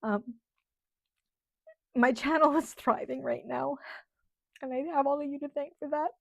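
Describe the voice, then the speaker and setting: A middle-aged woman, a channel host in casual livestream chat, talking in a heartfelt, halting way with many ums while holding back tears. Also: high-pitched, fairly even intonation, creaky, no room sound, clean studio sound. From Canada.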